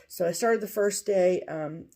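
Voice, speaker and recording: A woman co-hosting a cross-stitch show, chatting casually and gushing with excitement over what she shows. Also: fairly low pitch, unhurried. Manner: gushing, enthusiastic. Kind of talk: casual show-and-tell chat.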